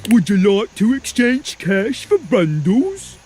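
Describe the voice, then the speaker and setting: A goofy game merchant with a deliberately terrible put-on accent. His delivery is slow and theatrical, with a lively pitch. Soft music plays under him. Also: exaggerated voice. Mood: hammy. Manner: hammy, exaggerated. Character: jovial shopkeeper with put-on rough accent.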